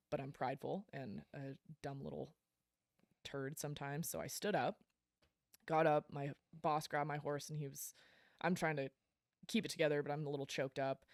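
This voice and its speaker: A woman guest on a podcast, telling a story in casual talk, animated and self-deprecating, laughing often and with plenty of fillers. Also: low-pitched, no room sound, studio quality. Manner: frequent fillers like um and like.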